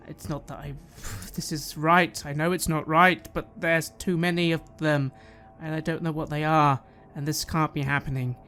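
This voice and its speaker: A player in a tabletop horror game who speaks hesitantly and softly, stammering over words. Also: mid-range voice, fairly even intonation, normal speed, hardly any pauses, faint music behind. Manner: hesitant, stammering, soft-spoken. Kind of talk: playing a character in a tabletop game.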